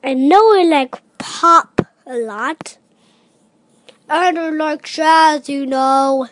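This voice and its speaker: High-voiced woman, slow short answers. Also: fairly bright tone, slight background noise. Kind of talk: casual chat.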